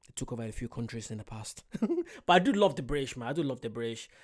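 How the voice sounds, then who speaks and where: A man casually reacting to street interviews, talking in an animated, rambling way and often cutting himself off. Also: mid-range voice, quick pace. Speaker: reaction video host.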